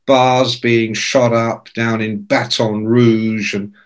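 Slow and mid-range in voice, this guest in his sixties rambles through sweary anecdotes in casual storytelling. He gets animated while acting out the voices of those he quotes.

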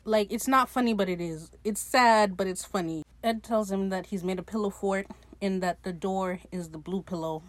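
A woman's voice: medium pitch, moderate pace, no echo. A young woman casually recapping a TV episode on her podcast, chatty and sarcastic, swearing freely and laughing at her own jokes.

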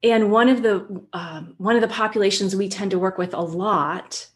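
Woman guest telling parenting stories, lively, acts out the people she quotes. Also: mid-range voice, normal speed. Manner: animated storyteller, acts out quotes. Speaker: guest, children's therapist. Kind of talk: conversational explanation with anecdotes.

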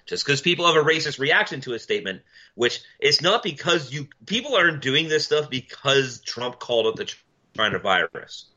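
A man's voice: sing-song, fairly quick. Blunt, profane man on a dull recording. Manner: blunt, profane storytelling, mimics people in loud high voices. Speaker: podcast co-host. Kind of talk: casual chat. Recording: dull lo-fi audio.

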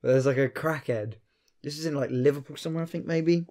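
A man's voice: on the high side, fast. A young man, telling a long anecdote in casual banter and acting out the people in it. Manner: storytelling with lively quoted voices, laughs often.

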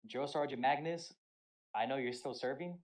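A man's voice: medium pitch, normal speed, poor audio. A young man on a podcast telling an army story in casual chat, profane and full of acted-out quotes. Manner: animated, profane, acts out quotes. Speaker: podcast co-host.

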